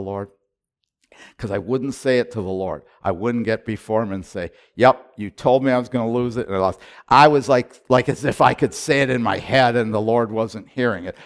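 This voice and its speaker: A middle-aged man preaching a sermon as a pastor, retelling his prayers and moving between hushed and loud delivery, often repeating and restarting his words. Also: fairly low pitch. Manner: repetitive restarts and stammers when excited. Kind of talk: sermon storytelling.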